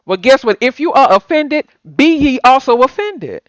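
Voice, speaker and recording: A woman's voice: high-pitched, expressive, moderate pace, no room sound. Blunt sleepy woman host. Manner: blunt and emphatic, swearing. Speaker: stream host. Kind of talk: casual live-stream chat.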